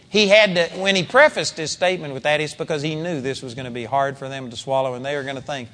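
A man's voice: a little high, fast, few pauses, a bit bright, in a large hall. A man preaching a sermon in a conversational style with dramatic emphasis.

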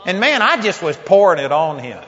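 A high-voiced, bright-toned man preaches, telling a story full of acted-out quotes and laughs. His voice rings with a long hall echo on a dull, lo-fi recording with faint noise behind it. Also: normal speed, some chatter behind. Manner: animated storyteller, acts out quotes, laughs often. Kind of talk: sermon storytelling.

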